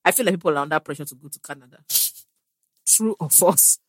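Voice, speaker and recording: A young woman from Nigeria co-hosting a podcast, teasing and expressive in casual chat. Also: fairly low pitch, fast, breathy edge, no echo. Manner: teasing, expressive, laughs often. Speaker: podcast co-host.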